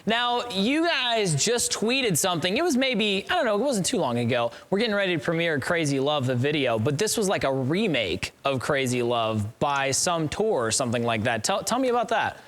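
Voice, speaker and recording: A young man with a notably high voice hosts a music video show with excitable energy. He jokes and laughs easily, keeping the casual interview banter bouncing along. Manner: excitable, quick to laugh and joke. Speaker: host.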